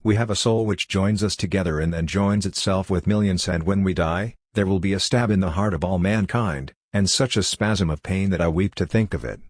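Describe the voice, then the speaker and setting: A man reading as a gentle, wise condemned prisoner. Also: low voice, fairly quick, hardly any pauses, dry recording, studio quality. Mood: philosophical. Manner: gentle, soothing, philosophical. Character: wise, tender condemned older male prisoner.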